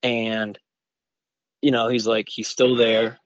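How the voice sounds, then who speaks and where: An excited man from Michigan rambles through a long story as a guest on a podcast interview, leaning heavily on "like" and "you know." He speaks slowly at an everyday pitch, and the dull, lo-fi audio is very dry with no echo or room sound.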